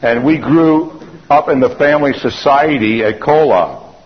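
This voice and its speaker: A man's voice: mid-range voice, unhurried. A man giving an anecdotal lecture in a loose, conversational storytelling manner, often restarting his sentences. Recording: dull lo-fi recording.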